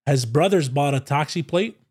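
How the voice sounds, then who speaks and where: A man, a podcast guest telling a story in a casual, animated way, swearing freely and saying "bro" a lot. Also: on the high side, normal speed, slightly rough. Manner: animated, profane, says "bro" constantly.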